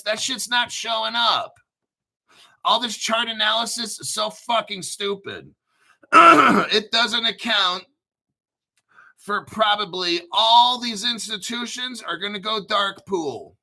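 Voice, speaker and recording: A man's voice: high voice, sharp tone. A man in his fifties hosting a crypto channel, ranting in a crude, foul-mouthed livestream style. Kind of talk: profane livestream rant.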